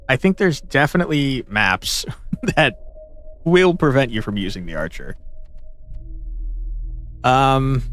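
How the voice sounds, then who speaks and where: A man commenting on a game he is playing, talking in a joking, sarcastic, animated way. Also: medium pitch. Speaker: gaming channel host. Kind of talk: let's play commentary.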